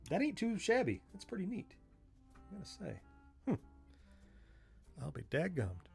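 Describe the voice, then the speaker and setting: A man's voice: high voice, wildly swooping pitch, a little slow, vocal fry, breathy edge, soft background music. Folksy Southern man thinking aloud. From born in southern Florida, family from Missouri. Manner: folksy and self-mocking, thinks aloud, chuckles often. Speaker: livestream host taking apart a joystick. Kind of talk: casual livestream commentary while working.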